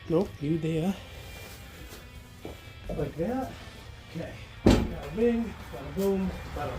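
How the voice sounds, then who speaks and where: Man, casual workshop vlog, thinking aloud, very lively pitch, slangy and excited, faint music underneath. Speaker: car builder.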